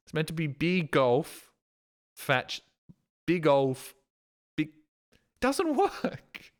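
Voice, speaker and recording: A man's voice: a little high, big pitch swings, slow pace, long pauses. A man streaming a game live, rambling and swearing in casual commentary, often laughing.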